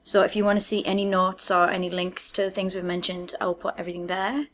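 A woman's voice: mid-range voice, flat delivery, fairly quick, slight background noise. A woman co-hosting a podcast, chatting casually and laughing often, with frequent restarts. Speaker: podcast co-host. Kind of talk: casual chat.

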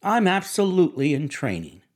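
A man's voice: on the high side, wildly swooping pitch, normal speed, voice pushed up. A man voicing a cool, languid young sportswoman who speaks in a dry, clipped, offhand way.

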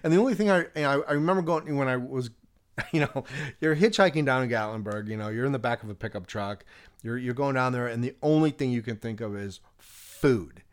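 A man's voice: mid-range voice, brisk, clean tone. A man telling a long personal story in a casual chat, rambling with many restarts and fillers, often laughing as he talks.

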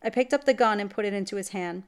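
A woman's voice: mid-range voice, fast, smooth. Woman narrating a gothic horror tale. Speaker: story reader.

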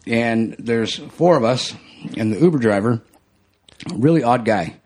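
Brief: young man, podcast co-host, chatty rambling anecdotes, mid pitch. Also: a little slow. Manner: rambling, animated storyteller with restarts. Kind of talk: casual chat, storytelling.

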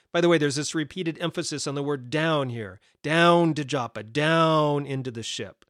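A man teaching a Bible study podcast, animated and emphatic, with conversational asides and restarts. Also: a little high, no room sound, clean studio sound. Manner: animated, emphatic with repeated stresses and brief laughs.

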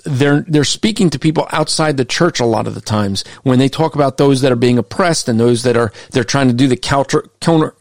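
A man with a fairly high voice delivers pointed Christian commentary, pressing each argument with emphasis. He slows down deliberately to read passages aloud. The sound is dry and close, with no room around it. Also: no echo. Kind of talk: critical commentary on a list of values.

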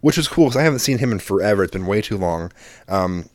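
A man co-hosting a relaxed podcast chat, spinning an animated story full of swearing. He jumps sharply upward in pitch whenever he acts out the people in it. The sound is dry and close, with no room around it. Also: fast, no room sound. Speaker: podcast co-host.

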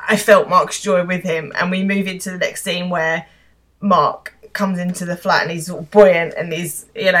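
Woman cohost chatting about a show, lowish voice, laughs a lot, swears. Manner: laughs often, animated, swears freely. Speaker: podcast co-host. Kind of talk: casual chat recapping a TV episode.

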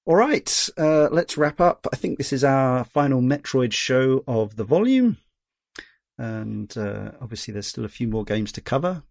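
A man's voice: medium pitch, vocal fry, darkish tone, dry recording, clean studio sound. A man hosting a podcast, chatting casually and reading listener messages aloud with a Geordie accent. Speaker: podcast host.

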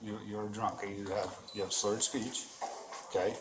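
A male police officer speaking on a body camera in a courthouse hallway, halting and repeating himself. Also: lowish voice, level tone. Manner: halting, repeats words and "okay". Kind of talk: bodycam arrest exchange. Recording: echoey hall with noise.

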